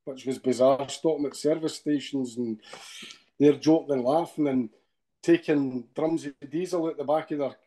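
A man's voice: mid-range voice, fairly even intonation, moderate pace, warm tone. A middle-aged Scottish man with a Scottish accent, a podcast guest telling a long story in a rambling way, dropping "eh?" at the end of his sentences. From Scotland. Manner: rambling retelling with frequent tag questions.

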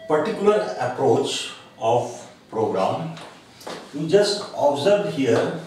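Slow, deliberate male lecturer in an echoey room. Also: medium pitch, darkish tone. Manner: slow, deliberate explaining with frequent pauses and uh fillers. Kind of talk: recorded classroom lecture. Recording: very echoey room, voice from a distance, faint background noise.

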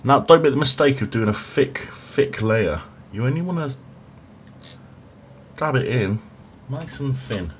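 A man's voice: medium pitch, expressive, a little slow, long pauses. A man doing a casual food review vlog at home in a dry, offhand, self-mocking way, recorded on an overhead phone. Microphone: overhead phone camera. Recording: faint room noise, phone audio.

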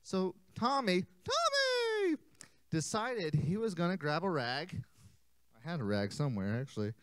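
Goofy kids church teacher guy, super lively voice, jokes around a lot, clean dry sound. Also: a little high, normal speed, dry recording. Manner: playful, self-interrupting, jokey. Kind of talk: animated storytelling lesson for kids.

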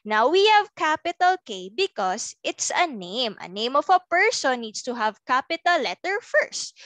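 A young woman teaching a recorded preschool class, sounding out letters and words in a slow, sing-song way. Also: sits high, sing-song, fairly bright tone, no echo.

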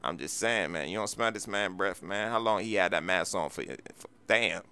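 Suspicious roleplayer, very low gravelly voice with a bright edge. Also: male voice, normal speed. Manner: suspicious, teasing. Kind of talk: casual game roleplay.

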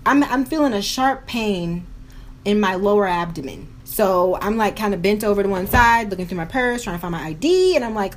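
A young beauty vlogger tells a storytime at home while she does her makeup. She talks in casual slang and acts out the other people in the story, and her pitch swings up sharply when things get tense. There is a faint noise behind her voice. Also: fast talker. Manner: animated, dramatic storytelling with slang and quoted voices.

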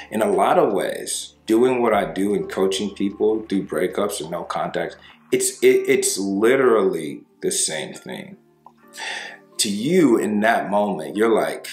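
A man's voice: fairly low pitch, expressive, measured pace. A man, a breakup coach, talking casually to viewers and acting out little dialogues, often tagging his lines with "right?" and "you know". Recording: roomy sound with faint music.

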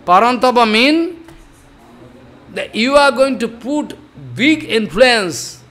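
A man's voice: extremely high pitch, expressive, takes it slowly, a bit bright. An older man giving a devotional discourse, chanting verses and explaining them with repeated emphatic phrases. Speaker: spiritual teacher.

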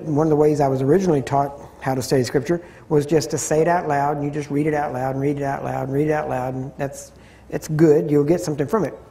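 A man teaching a Bible study session in a conversational way, often repeating phrases for emphasis and clearing his throat. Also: on the high side, dark tone.

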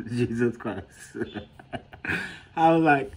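Husky guy vlogging, casual and slangy, laughs a lot, does high voices for quotes. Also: slow. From Haiti. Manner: animated, laughs often, slangy, acts out quotes with raised pitch. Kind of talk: casual storytelling to camera.

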